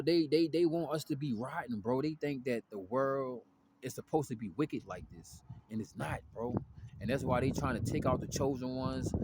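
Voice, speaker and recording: A man's voice: mid-range voice, slight background noise. A man giving a casual spiritual rant, full of profanity and street slang and constantly asking "you know what I'm saying". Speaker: spiritual vlogger.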